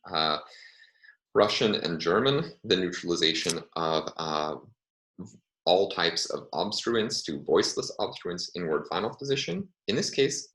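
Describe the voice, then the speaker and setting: Male lecturer, very low voice, lively intonation, hesitant fillers while reasoning. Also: slight background noise, poor audio. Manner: thinks aloud with frequent uh and um. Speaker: linguistics lecturer. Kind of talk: recorded lecture.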